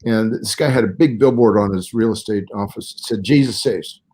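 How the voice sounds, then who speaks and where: This Bible scholar has a lowish, dark voice and talks at a normal speed. A man in his sixties from Southern California, he is a guest on an interview show, walking through his explanations methodically in a lecture-like way.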